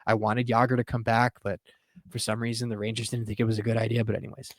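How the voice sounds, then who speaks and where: A man hosting a sports podcast in casual chat, animated and laughing often. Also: fairly low pitch, quick pace, dry recording, studio quality. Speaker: podcast host.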